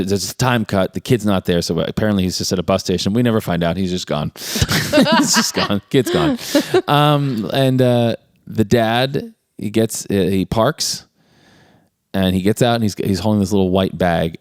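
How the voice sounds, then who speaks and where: A man's voice: deep voice, normal speed, a little mellow, dry recording, clean studio sound. A man casually recapping a movie plot, acting out characters' lines in raised voices. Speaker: podcast co-host.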